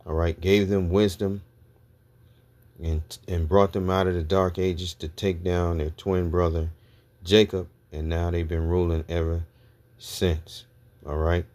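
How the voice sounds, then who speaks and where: Male preacher, very low voice, reads scripture and tags nearly every point with "all right?". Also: flat delivery, measured pace, darkish tone. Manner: reads scripture aloud, peppers talk with "all right?" and "okay?". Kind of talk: scripture teaching sermon.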